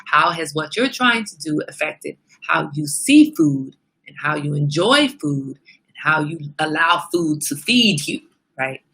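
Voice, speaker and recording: A woman's voice: low voice, expressive, a little slow, a bit bright, breathy edge. A woman hosting a casual livestream, chatting straight to her viewers. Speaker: livestream host.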